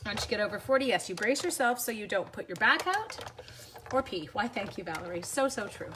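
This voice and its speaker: A woman's voice: medium pitch, sing-song, fairly quick, background noise. A woman in her forties with the sniffles, chatting casually with viewers during a live crafting demo at home, self-deprecating and talkative. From Canada. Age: 40s. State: sniffly from sneezing. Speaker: crafting livestream host.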